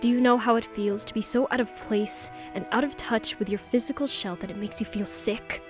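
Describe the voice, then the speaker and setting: A woman's voice: on the high side, fairly even intonation, brisk, music in the background, lightly acted. A woman voicing an anguished, tearful young trans man confessing to his boyfriend in an audiobook. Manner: emotional, pleading and tearful.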